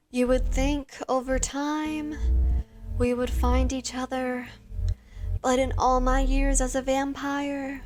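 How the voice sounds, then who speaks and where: A woman's voice: sits high, darkish tone. A woman voicing a lonely female vampire ghost who speaks formally and with melancholy.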